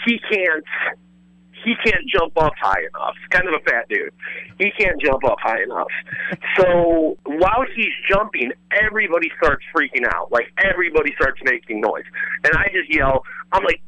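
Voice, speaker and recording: A man telling a wild story in animated casual chat, rambling with lots of fillers and swearing freely. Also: fairly high pitch, moderate pace, no room sound, lo-fi sound. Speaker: former radio host telling a story as a guest.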